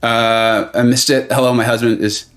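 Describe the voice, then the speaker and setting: A man's voice: mid-range voice, little pitch movement, normal speed, a bit bright, soft background music. A man hosting a game-tournament watch party live stream, chatting casually and greeting viewers by name with self-mocking humor. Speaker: livestream host.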